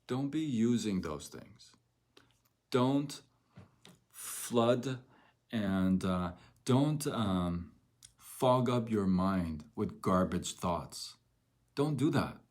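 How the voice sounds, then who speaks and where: A man with a lowish voice speaks slowly and deliberately on a livestream. He coaches in an emphatic way and keeps repeating phrases to drive his point home. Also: expressive, darkish tone. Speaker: network marketing coach. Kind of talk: motivational livestream talk.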